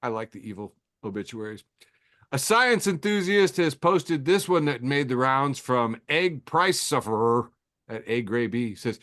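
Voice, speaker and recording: A man hosts a casual podcast, reading posts aloud and tossing off wry, chuckling asides. His delivery is loose and conversational, at a medium pitch for a man. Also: animated, unhurried, a bit bright. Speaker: podcast host.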